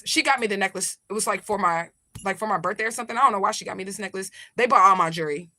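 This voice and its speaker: A woman's voice: medium pitch, racing, hardly any pauses, sharp tone, no room sound. A woman, a spiritual medium, telling a story to her viewers in a casual, chatty way, swearing freely and talking straight to them.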